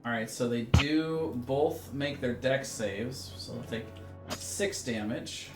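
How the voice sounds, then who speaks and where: A man's voice: medium pitch, slow pace, music in the background. Male dungeon master, easygoing, rules-talk, roomy sound. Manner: relaxed, explains rules with many fillers. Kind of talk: running a tabletop game over voice chat.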